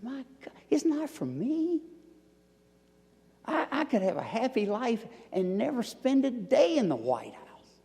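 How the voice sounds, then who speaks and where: A man in his sixties with a Southern accent, telling stories while answering an audience question at a lecture, swinging from loud emphasis down to near-whispers. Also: very high-pitched, huge pitch swings, measured pace, vocal fry. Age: 60s. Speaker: guest lecturer. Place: lecture hall. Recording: long hall reverb.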